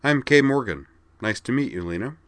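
A man's voice: medium pitch, lively intonation, fairly quick, fairly bright tone, no room sound, voice pushed up, lightly acted. A personable, amused woman hostess with a raised voice, as a man reading a storybook puts her on. The sound is dry and close, with nothing behind it. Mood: friendly.

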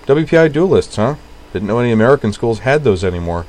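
A friendly border customs agent, voiced by a male narrator, asks his questions in a brisk, routine way. The voice sits a little higher and louder than the narration. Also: sing-song, close to an everyday voice.

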